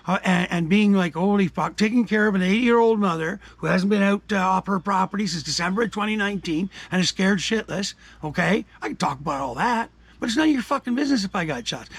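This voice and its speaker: An older man from Canada ranting his opinions in a combative, profane way, dropping to mutters and rising to shouts. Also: high-pitched, slightly rough, dry recording. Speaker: commentary vlogger. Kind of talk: angry opinion rant.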